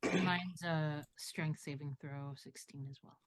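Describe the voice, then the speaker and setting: Deep-voiced woman playing a tabletop game. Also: fairly even intonation, slow. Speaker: player.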